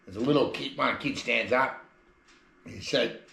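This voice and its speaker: A man's voice: mid-range voice, moderate pace, creaky, bright, forceful tone, roomy sound. An Australian man telling jokes in a rambling, chatty way as a casual comedy vlogger. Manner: rambling, chatty joke delivery. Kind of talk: casual joke telling to camera. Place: shed.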